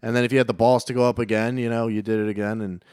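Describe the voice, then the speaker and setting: Man, comedian, casual swearing chat, mid-pitched voice, dry sound. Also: flat delivery, racing, a little mellow, clean tone, no echo. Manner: profane, storytelling with acted-out quotes. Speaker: stand-up comedian.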